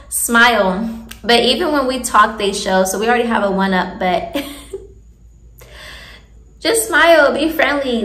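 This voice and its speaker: Candid chatty young woman, gravelly voice. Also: a little high, fairly bright tone, echoey room. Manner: candid, chatty, laughs often. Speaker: vlogger giving advice. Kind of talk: casual advice chat.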